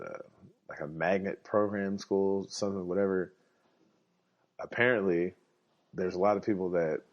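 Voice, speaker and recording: A man's voice: low-pitched, darkish tone. A man hosting a podcast, telling rambling, profane stories in a casual monologue, sick and coughing, and laughing often. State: under the weather, coughing. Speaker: podcast host. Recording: dull lo-fi recording.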